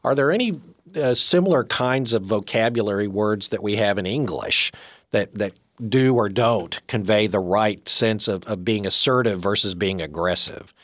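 A man interviewing a guest, asking measured, thoughtful questions with some hesitation. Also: lowish voice, fairly bright tone, no room sound, studio quality.

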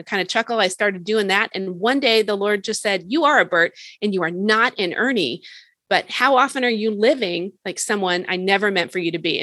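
A woman's voice: medium pitch, bright, forceful tone, dry recording. A woman guest on a faith podcast, an author and speaker, telling her story eagerly and earnestly. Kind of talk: casual faith podcast interview.

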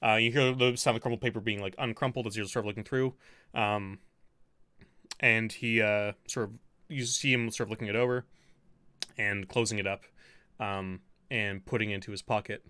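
A man's voice: on the low side, fairly even intonation, normal speed, pushed and bright, smooth, no echo. A man narrating as game master of a tabletop role-playing game, rambling with many fillers. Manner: rambling, lots of fillers and restarts.

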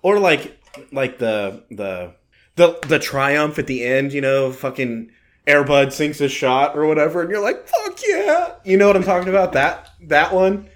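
A man's voice: a little high, unhurried, fairly bright tone. A young man in casual podcast chat, joking and swearing freely.

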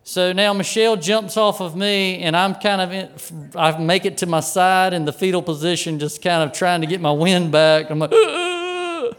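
Storytelling pastor, higher man's voice. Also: moderate pace, few pauses, clear, resonant tone. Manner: animated, folksy anecdote with chuckles. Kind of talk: storytelling sermon.

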